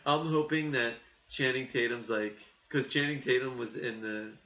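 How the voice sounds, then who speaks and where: A man co-hosting a casual podcast, talking in an animated, rambling way and acting out the quotes he tells. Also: mid-range voice, normal speed. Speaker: podcast co-host. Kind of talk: casual chat. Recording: muffled, echoey room.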